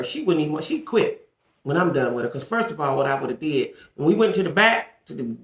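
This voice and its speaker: A woman's voice: on the low side, fairly bright tone, echoey room. A woman vlogging to camera in casual commentary, emphatic and repetitive, talking straight to her viewers. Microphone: camera mic.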